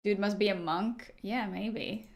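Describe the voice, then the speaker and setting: A woman's voice: mid-range voice, unhurried. A young woman live-streaming a game, chatting casually and teasing her viewers as she answers them. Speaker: livestreamer.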